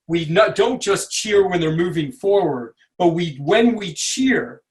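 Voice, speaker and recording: Man, lecture on a video call, fairly high voice, animated, acts out quotes. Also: measured pace. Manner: animated, says "right?" often, acts out quotes. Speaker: speaker at a community webinar.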